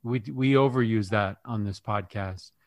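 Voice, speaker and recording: A man's voice: fairly low pitch, a little slow, no room sound. A man hosting a podcast, asking reflective questions and often restarting his words as he thinks. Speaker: podcast host. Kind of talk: podcast interview.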